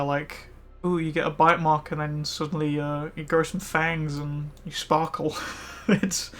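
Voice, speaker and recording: A man's voice: fairly high pitch, fairly bright tone. A male streamer chatting casually while he plays, rambling with lots of fillers. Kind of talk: casual chat while gaming. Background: faint music.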